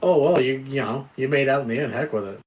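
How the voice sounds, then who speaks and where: A man's voice: mid-range voice, fast talker, slightly rough. A man hosting a casual podcast and closing out the episode in an easygoing, filler-heavy way. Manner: relaxed, easygoing sign-off with fillers. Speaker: podcast host. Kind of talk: casual chat.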